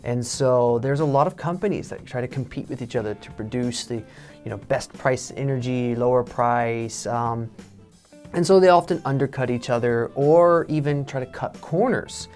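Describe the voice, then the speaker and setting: A man in a relaxed English lesson, explaining with casual fillers. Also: mid-range voice, normal speed, faint music behind. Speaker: English teacher. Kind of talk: casual teaching chat.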